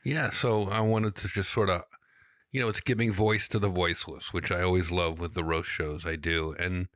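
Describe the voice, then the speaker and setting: A middle-aged male comedian, a guest on a podcast, explaining things in a measured, casual way. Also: sits low, fairly even intonation, a bit bright, no room sound, clean studio sound. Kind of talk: casual interview chat.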